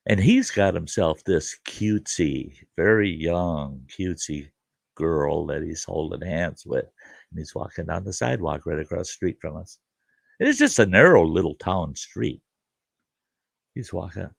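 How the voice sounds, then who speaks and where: A man's voice: low-pitched, measured pace, no echo. An older man, hosting and telling a story casually, chuckling as he goes. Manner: animated, chuckling, dry gravelly delivery. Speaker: host.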